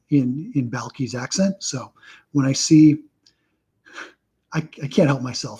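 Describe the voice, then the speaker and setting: A man hosting a casual live stream, reeling off a steady list of names and dropping dry, wry asides along the way. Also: medium pitch, a little slow, husky, low-quality recording. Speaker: host.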